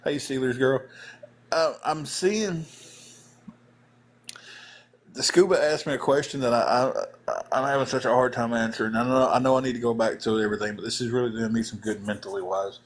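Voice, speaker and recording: Animated former wrestler telling stories. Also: male voice, medium pitch, moderate pace. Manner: animated storyteller acting out voices. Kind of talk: casual live-stream storytelling.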